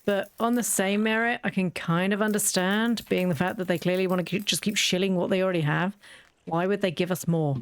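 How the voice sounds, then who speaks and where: A woman's voice: mid-range voice, steady tone, brisk, clean tone, no room sound. Chatty young woman narrating gameplay. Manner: rambling, self-deprecating, chatty. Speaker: let's play host. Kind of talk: casual gameplay commentary. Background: faint game music.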